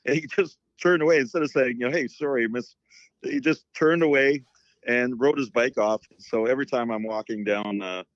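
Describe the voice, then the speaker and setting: A man's voice: medium pitch, brisk, no echo, lo-fi sound. A middle-aged man and former hockey coach, chatting casually and telling long stories with lots of fillers. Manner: rambling storyteller with many fillers. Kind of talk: casual chat.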